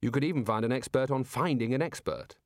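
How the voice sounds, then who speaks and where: A man narrating a comic fantasy audiobook with a dry, measured comic delivery. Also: medium pitch, no room sound. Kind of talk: scripted narration.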